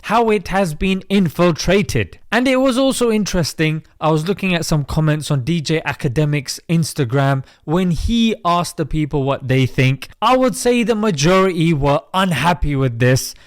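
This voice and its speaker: A man's voice: a little high, animated, moderate pace, hardly any pauses, no echo, clean studio sound. A British man hosting an opinion commentary vlog, preachy and chatty, calling his viewers mate. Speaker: host.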